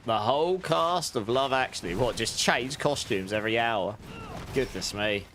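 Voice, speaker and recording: A man's voice: medium pitch, expressive, moderate pace, a bit bright, slight background noise. Chatty British man livestreaming. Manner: chatty and rambling, with frequent restarts and fillers. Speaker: streamer. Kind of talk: casual livestream chat.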